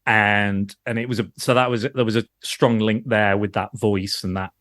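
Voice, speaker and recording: A man's voice: fairly low pitch, fairly even intonation, moderate pace, fairly bright tone, no echo. Guy on a podcast, rambly and self-mocking, keeps laughing, dry close sound. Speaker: podcast co-host. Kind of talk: casual chat.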